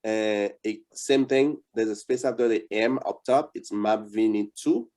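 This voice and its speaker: Over a video call, a Haitian man teaches an interactive online language lesson, patiently coaching and repeating words slowly. His voice sits fairly low with a warm tone.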